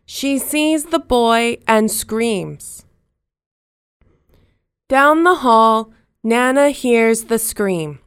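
A woman narrating a children's storybook in simple, slow, clearly spoken sentences. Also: on the high side, no room sound, studio quality.

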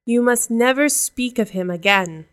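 A woman's voice: fairly high pitch, measured pace, clean tone, dry recording, close to an everyday voice. A woman reading a storybook aloud and voicing the eldest mermaid sister, who speaks insistently and gives orders. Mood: urgent.

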